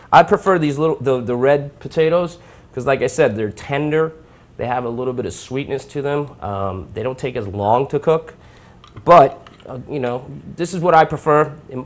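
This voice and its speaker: A young man from New York talks his viewers through a recipe in a relaxed, chatty way. His voice sits in a middle pitch. He narrates each step as he cooks live. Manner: chatty, informal, talks while cooking. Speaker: cooking show host. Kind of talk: live cooking demonstration. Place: home kitchen.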